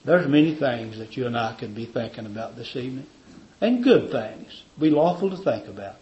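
A man's voice: medium pitch, expressive, normal speed, warm tone, dull audio. A man preaching a communion sermon in a fervent, repetitive cadence.

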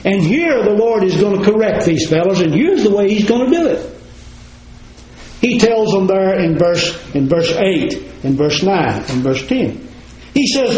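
A man's voice: sits high, animated, unhurried, darkish tone, a little hiss or hum. A man preaching a sermon in a folksy, plain-spoken way, talking straight to his congregation. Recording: roomy, slightly dull recording.

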